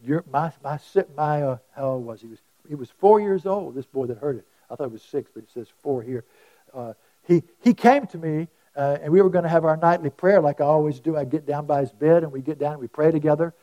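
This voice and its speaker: A middle-aged man preaching a sermon, telling stories and moving from loud stressed phrases to hushed asides. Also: a little high, brisk, dull audio. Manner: storytelling, shifts from loud emphasis to hushed asides.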